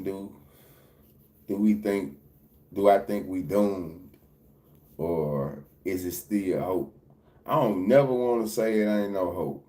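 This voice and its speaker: A man's voice: deep voice, warm tone. A man hosting a livestream, talking loosely and repetitively in casual, profane slang. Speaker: livestream reaction host.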